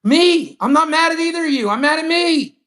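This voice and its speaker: A man's voice: very high-pitched, expressive, a little fast, a bit bright. A man in his fifties venting angrily and profanely on a live stream, hard on himself. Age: 50s. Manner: angry, profane, self-critical venting. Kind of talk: heated live-stream argument.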